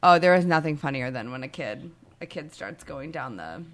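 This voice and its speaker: A woman's voice: low voice, lively intonation, moderate pace. A woman in her thirties co-hosting a casual podcast, joking, swearing freely and laughing often. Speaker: podcast co-host. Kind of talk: casual chat.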